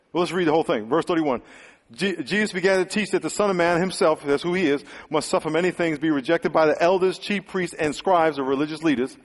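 A high-pitched man preaches with a lot of life, jumping into voices for the people in his stories and then sinking to a hush to drive a point home. His voice rings out with a long hall reverb, as if from the front of a church. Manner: animated, acts out quotes, swings loud and quiet. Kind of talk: sermon.

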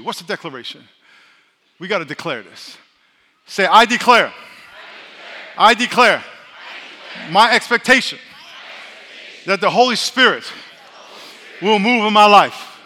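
Bright-voiced, energetic male pastor preaching. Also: high-pitched, measured pace, long pauses. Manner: energetic, joking, call-and-response with congregation. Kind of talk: sermon. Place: large church hall. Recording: long church-hall reverb.

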